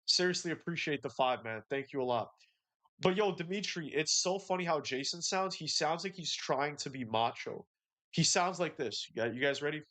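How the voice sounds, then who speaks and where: A man hosts a casual gaming livestream in a laid-back, slangy way, reading chat messages and answering them one by one. His voice sits slightly higher than most men's. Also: fairly bright tone. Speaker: livestream host.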